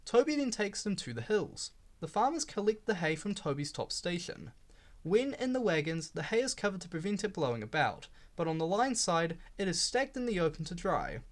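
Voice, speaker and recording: A man's voice: sits high, big pitch swings, normal speed. A man reading a children's railway storybook aloud, giving the characters voices. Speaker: storybook reader.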